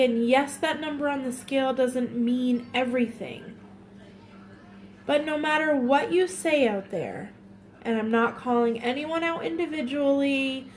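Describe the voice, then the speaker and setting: A woman vlogger speaking in an emotional, halting way, tearful and often repeating herself in a confessional vlog. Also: high-pitched, slight background noise.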